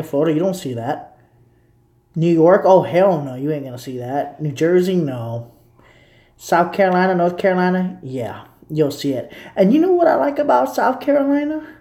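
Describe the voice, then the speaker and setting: A man's voice: a little high, warm tone. Rambling blunt man, roomy echo. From Texas. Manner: opinionated, blunt, swears casually. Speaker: live streamer chatting with viewers. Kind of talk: rambling casual live-stream chat.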